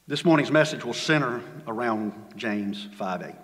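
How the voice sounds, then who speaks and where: Male pastor, mid-pitched, dynamic sermon delivery, recorded in a reverberant church hall. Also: lively intonation, normal speed, hardly any pauses. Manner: dynamic preaching, swings from loud emphasis to hushed low lines. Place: church sanctuary.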